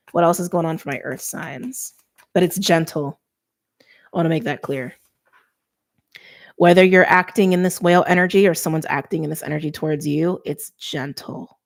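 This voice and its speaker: A woman doing an intuitive tarot card reading, speaking softly and earnestly and letting her emotions show. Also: low-pitched. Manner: soft, earnest, openly emotional. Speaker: tarot reader.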